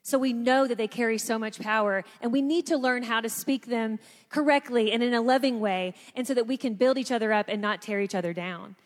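A woman speaks to a gathered room, telling a personal story with lively energy and acting out the voices of others. Her voice sits fairly high, and it rings with a long reverb from the hall. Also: fairly quick. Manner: animated storyteller, acts out quotes. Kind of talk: storytelling talk to an audience.

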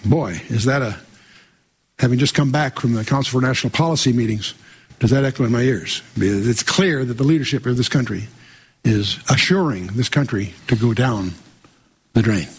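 A man's voice: medium pitch, moderate pace, husky. A man teaching verse by verse through the Bible, reading scripture aloud and breaking in with wry asides and quizzing questions to his listeners.

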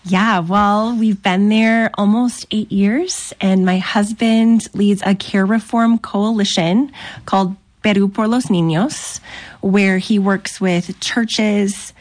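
A woman's voice: medium pitch, fairly even intonation, takes it slowly, darkish tone. A woman psychologist, a guest on a radio interview, explaining her family's work in a grateful, friendly way.

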